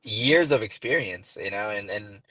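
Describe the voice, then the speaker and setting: A relaxed, agreeable man in a casual livestream chat who keeps echoing what the others said. He searches for words as he goes, and his voice comes across dry and close, with almost no room sound. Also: lowish voice, husky. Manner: relaxed and agreeable, halting with fillers. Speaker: guest on a business livestream.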